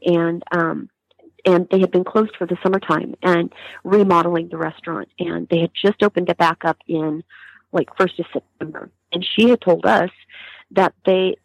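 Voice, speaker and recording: A woman, a grieving mother, telling her story in an interview in a halting way with many restarts. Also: lowish voice, gravelly, no echo, dull audio. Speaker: mother of a murder victim, interview guest. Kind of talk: emotional interview testimony.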